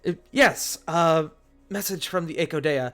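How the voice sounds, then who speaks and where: A man's voice: a little high, a little slow, fairly bright tone, faint music behind. A man voicing a timid, skinny teenage half-orc courier who stammers and apologizes in a tabletop role-play. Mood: flustered.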